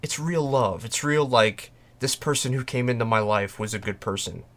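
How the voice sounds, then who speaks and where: Podcast panelist, male, bright and forceful, emphatic, restarts often. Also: mid-range voice, normal speed. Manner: emphatic, argues a point with restarts. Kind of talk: casual podcast discussion.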